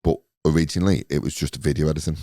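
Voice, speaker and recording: A man's voice: very deep voice, steady tone, rapid-fire, mellow, dry recording. A man in his late thirties hosting a casual podcast chat, talking in a loose, agreeable way. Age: 30s. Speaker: podcast host.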